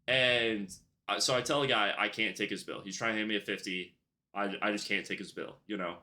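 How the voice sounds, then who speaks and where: A man's voice: lowish voice, fairly even intonation, fairly quick, bright, forceful tone. A young man telling a storytime vlog about his retail job in a casual, rambling way, full of fillers and restarts. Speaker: YouTuber telling a work story.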